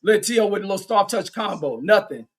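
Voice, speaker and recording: A man with a high voice calls a boxing match live as a fan commentator. He is excitable and profane, shouting encouragement at his favorite fighter. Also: a little fast, husky. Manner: reads viewer chat aloud.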